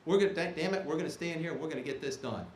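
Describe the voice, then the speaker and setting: A man's voice: on the high side, racing, a little mellow, slight background noise. A man in his fifties, an Army officer, giving a ceremony speech in an emphatic, plain-spoken way that keeps checking in with the audience. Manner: emphatic, punctuates points with "okay?". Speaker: guest speaker, Army officer. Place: performing arts auditorium. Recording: echoey auditorium.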